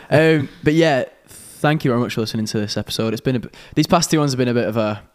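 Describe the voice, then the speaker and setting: Jokey young man, mid-pitch. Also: fast. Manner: jokey, easily distracted, laughs often. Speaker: podcast co-host. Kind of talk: casual chat.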